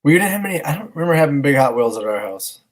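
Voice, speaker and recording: A man's voice: on the high side, racing, low-quality recording. A man co-hosting a parenting podcast, telling a family story in casual chat and acting out his children's voices. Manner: animated storyteller, acts out his kids' lines. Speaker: podcast co-host, stay-at-home dad.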